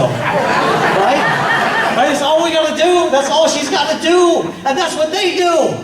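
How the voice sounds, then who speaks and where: This political speaker's voice is extremely high and animated, and he talks a little slowly as he rouses the meeting crowd with rhetorical questions. It's a fiery speech, recorded from a distance in an echoing hall.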